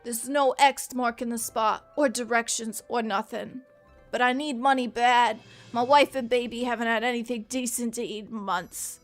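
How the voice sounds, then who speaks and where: A down-on-his-luck treasure hunter from the 1930s, reading his own journal in a tough-guy gangster drawl, as a woman puts him on. The voice sits fairly high for a man. Faint game music hums underneath. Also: fairly even intonation, normal speed, lightly acted. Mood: weary, rueful. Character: struggling 1930s male treasure hunter, gruff. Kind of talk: reading a journal aloud in character.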